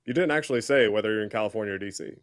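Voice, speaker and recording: A man's voice: lowish voice, rapid-fire. A man hosting a heated online debate. He is blunt and combative and swears freely.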